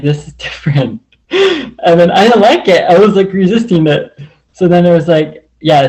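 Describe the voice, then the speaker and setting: A man's voice: medium pitch, darkish tone, low-quality recording. A man telling a personal story in a casual, rambling way, full of "like", over a video call. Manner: rambling, heavy use of "like". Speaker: group call participant.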